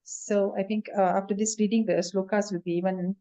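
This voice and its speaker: A woman's voice: medium pitch, fairly even intonation, fairly quick, warm tone. A woman taking part in an online class, giving short hesitant feedback over a video call. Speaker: class participant. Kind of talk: casual feedback.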